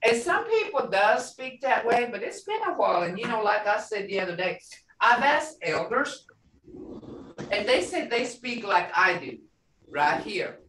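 A woman teaching a language class, patiently repeating words and checking in with "okay?". She talks slowly with a lively, swinging pitch. Her voice is picked up from a distance in a roomy, echoing classroom. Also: background noise. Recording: roomy, off-mic classroom sound.

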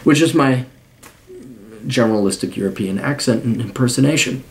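A man's voice: medium pitch, normal speed, a little hiss or hum. A man hosting a podcast, giving blunt, profanity-laced advice in a rambling monologue full of restarts.

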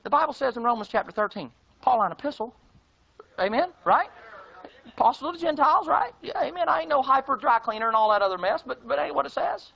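Male preacher, very high bright voice, fiery folksy delivery that swings between shouts and hushed asides. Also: lively intonation, fast, gravelly, poor audio. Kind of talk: fiery sermon.

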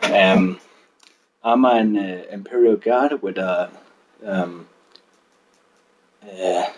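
A man's voice: low voice, very slow, a little hiss or hum, poor audio. A man with a non-native English accent, chatting casually in a vlog, joking and rambling with lots of fillers and swearing. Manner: joking, rambling, profane, with frequent fillers and restarts. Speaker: miniature painting vlogger.

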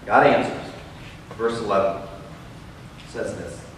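A man's voice: mid-range voice, normal speed, pauses often, a bit bright, a little hiss or hum. A man preaching a sermon as pastor, earnest and conversational, often repeating his words. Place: church sanctuary. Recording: echoey hall from far off.

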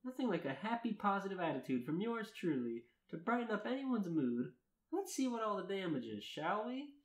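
A man's voice: high voice, very animated, fairly quick. A man hosting a podcast, reading fan fiction aloud in an earnest mock-dramatic way. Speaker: podcast host. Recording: roomy echo.

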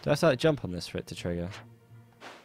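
Cursing gamer yelling at his game. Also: deep voice, lively intonation, racing. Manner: swearing, yelling angrily at enemies. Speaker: gaming channel host. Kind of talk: let's play commentary. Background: faint game music.

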